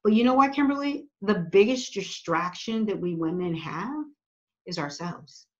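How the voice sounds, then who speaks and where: A woman's voice: mid-range voice, animated, moderate pace. A woman guest on a podcast giving earnest, preacherly advice, stressing her points by repeating phrases. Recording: slightly dull lo-fi audio.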